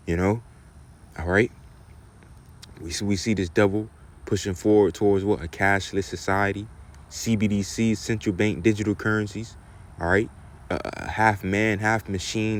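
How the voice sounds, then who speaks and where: A man teaching from scripture, often ending phrases with "man" and "okay?", slowing down to read verses with emphasis. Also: on the low side. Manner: repeats "man" and "okay?" as tags, reads verses slowly and loudly. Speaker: preacher.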